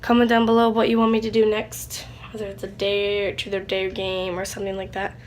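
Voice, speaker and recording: A young woman, likely a teen, talking in a casual vlog, rambling and halting with many fillers, tearful with a stuffy nose. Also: medium pitch, monotone, noisy background. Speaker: channel host.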